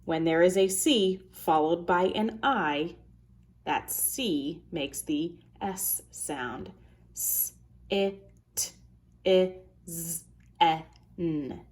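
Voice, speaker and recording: Slow, careful woman teaching phonics. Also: low-pitched. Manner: slow, careful, sounding out words. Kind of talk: phonics lesson for children.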